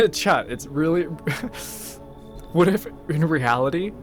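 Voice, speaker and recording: A man's voice: a little high, expressive, drawn-out words. A man streaming a game, joking and talking to his chat in a loose, hesitant way. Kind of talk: casual game commentary. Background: game music.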